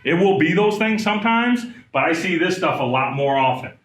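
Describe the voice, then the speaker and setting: Man in his 30s, slightly high voice, animated trainer asking questions of the audience, echoey room. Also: fairly quick. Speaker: trauma trainer. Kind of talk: live training talk.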